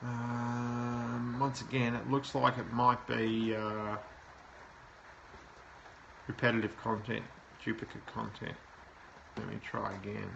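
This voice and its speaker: Bright-voiced man reviewing a website live. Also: medium pitch, monotone, slow, creaky, pauses often, muffled recording, slight background noise. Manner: thinking aloud, plain-spoken and direct. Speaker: SEO consultant host. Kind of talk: live website review, talking while browsing.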